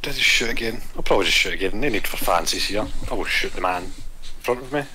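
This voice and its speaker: A man's voice: quick pace, a little hiss or hum, low-quality recording. A man as a player in a tabletop game, muttering his dice rolls and chatting casually. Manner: relaxed, muttering dice rolls, jumpy pitch when excited.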